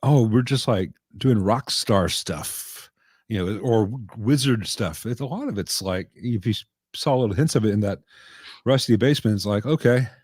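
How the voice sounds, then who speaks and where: Low-voiced American man with a faint Southern twang. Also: expressive, moderate pace, darkish tone, husky, no echo. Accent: light American Southern. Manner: chatty, dry humor, frequent restarts. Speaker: guest amp technician. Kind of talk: casual live chat.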